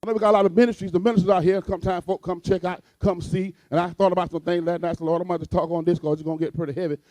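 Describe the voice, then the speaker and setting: High-voiced preaching man in a dry room. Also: flat delivery, very fast, mellow, dry recording. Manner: repetitive preaching cadence, building to fervent emphasis. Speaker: pastor. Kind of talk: sermon.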